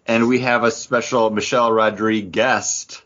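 A man's voice: lowish voice, steady tone, moderate pace, a bit bright, lo-fi sound. A man co-hosting a podcast, chatting casually in a rambling, jokey way. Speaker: podcast co-host. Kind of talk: casual chat.

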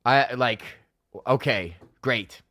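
The podcast host, a comedian in his thirties, tells a casual, profanity-laced story from his home office, putting on voices for everyone he quotes. His mid-range voice goes slowly, and the recording is dry, with clean studio sound.

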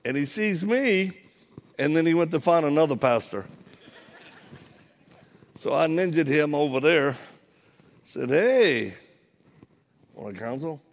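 A man's voice: on the high side, animated, slow pace, pauses often. A man, a former Marine, preaching a sermon in a church, telling a funny story with acted-out dialogue. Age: adult, former Marine. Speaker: guest preacher. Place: church, live audience.

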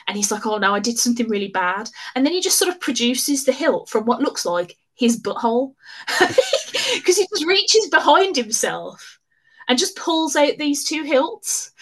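Giggly, excitable woman. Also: fairly high pitch. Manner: laughs often, excitable and gushing. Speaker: podcast guest. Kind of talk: casual chat.

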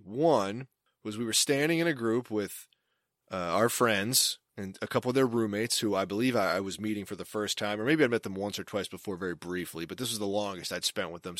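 A man's voice: lowish voice, a bit bright, dry recording, clean studio sound. A young man telling a casual, rambling story, often stopping and restarting mid-sentence. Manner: rambling, self-interrupting storyteller.

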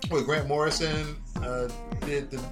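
A man in casual chat, telling a story in an animated, profane way and acting out quotes. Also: on the high side, a little slow, music in the background.

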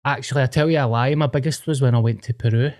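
A man's voice: mid-range voice, quick pace, a little mellow. Sweary Scottish man telling stories. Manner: storytelling, sweary, laughing. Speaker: podcast co-host. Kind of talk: casual chat.

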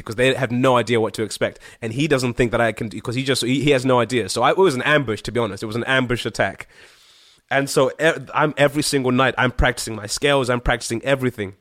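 Man from zimbabwe, guest musician, casual storytelling, slangy and swearing, mid-pitched voice, dry close sound. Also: fast, dry recording. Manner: animated, slangy, swears, many fillers. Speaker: guest singer-songwriter.

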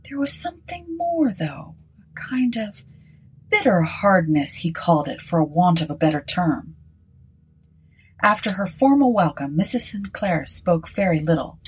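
A woman narrates a storybook at an unhurried pace. Her voice is breathy and airy, sitting slightly low for a woman. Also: big pitch swings, rough recording.

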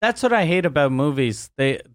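Lively man cracking quips. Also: a little high, fairly quick, no room sound, clean studio sound. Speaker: podcast co-host. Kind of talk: casual podcast chat.

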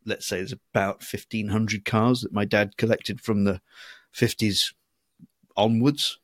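A man co-hosting a podcast in casual chat, relaxed and musing, with some hesitations. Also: fairly low pitch, measured pace, no room sound. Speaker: podcast co-host.

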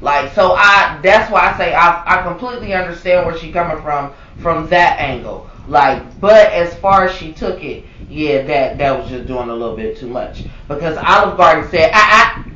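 A man co-hosting a podcast in casual chat, profane and animated, ranting with lots of swearing. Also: fairly high pitch, normal speed, hardly any pauses, distant mic. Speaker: podcast co-host. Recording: echoey, dull, from off-mic with faint background noise.

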